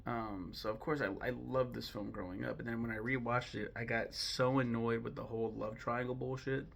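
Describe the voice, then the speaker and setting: A man's voice: mid-range voice, fairly even intonation, a little fast, vocal fry, fairly bright tone, a little hiss or hum. A young man ranking films in a chatty, digressive way, full of ums and self-corrections. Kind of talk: casual opinionated commentary.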